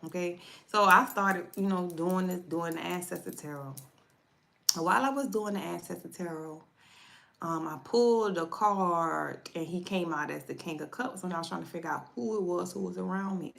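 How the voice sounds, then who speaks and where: Speaking at an ordinary pace in a low-leaning, creaky but fairly bright voice, a woman tarot reader tells viewers a personal story. The livestream is casual, and she's talkative and repetitive, frequently turning to speak right to the audience.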